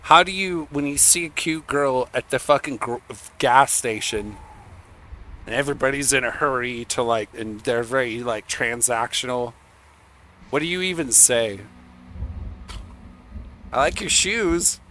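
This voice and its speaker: A man's voice: mid-range voice, moderate pace, sharp tone, a little hiss or hum. A young man streaming and chatting casually, rambling and joking crudely. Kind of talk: casual chat.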